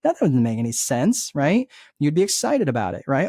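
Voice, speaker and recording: Man, guest coach, energetic, conversational teaching, acts out inner voices, mid pitch, dry close sound. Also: normal speed, no echo. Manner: energetic, acts out inner dialogue, frequent "right?" checks. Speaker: guest life coach and entrepreneur.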